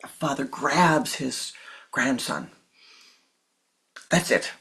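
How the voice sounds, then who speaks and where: Spiritual teacher, sermon storytelling, soft half-whispered delivery, gravelly texture. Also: mid-range voice, rough recording. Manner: slow, soft, partly whispered.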